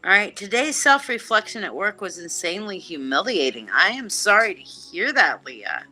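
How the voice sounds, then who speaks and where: A woman with a mid-range voice talks at a moderate pace while hosting a live psychic stream. Hyped and animated, she chats loosely, cracks jokes, and reads viewer comments aloud.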